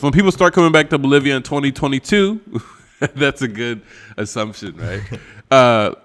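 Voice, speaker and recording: A man's voice: medium pitch, a bit bright, big-room sound. A man with an Appalachian accent, co-hosting a podcast in a rambling, laughing casual chat. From West Virginia. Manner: laughing, rambling, filler-heavy. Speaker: podcast co-host.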